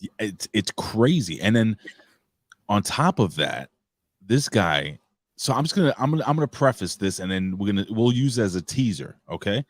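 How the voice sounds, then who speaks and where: A man's voice: fairly low pitch, big pitch swings, moderate pace, dry recording, studio quality. A man, co-hosting a casual podcast and telling a rambling, profane story. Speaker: co-host.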